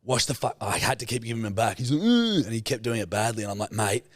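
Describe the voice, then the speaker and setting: A man in his thirties with an Australian accent, co-hosting a podcast and telling stories in a loose, animated way with plenty of swearing. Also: mid-range voice, fast talker, no echo, studio quality. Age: 30s. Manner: swears freely, animated storyteller. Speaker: podcast co-host. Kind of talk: casual storytelling chat.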